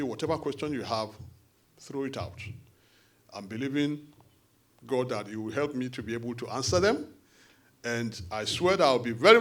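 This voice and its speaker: A man with a Nigerian accent addresses a forum meeting in an animated, conversational way, with quick asides. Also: fairly high pitch. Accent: Nigerian English. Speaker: diaspora party official addressing a support forum.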